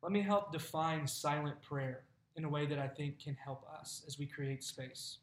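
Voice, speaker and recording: A man's voice: fairly high pitch, moderate pace. Folksy preaching man, echoey room. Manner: conversational, folksy preaching with laughs. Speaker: pastor. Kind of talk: sermon.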